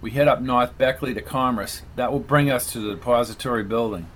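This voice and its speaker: A man's voice: mid-range voice, a little fast, fairly bright tone, a little hiss or hum, close to an everyday voice, rough recording. A man voicing a determined man racing to stop a killing, speaking in an urgent, clipped way.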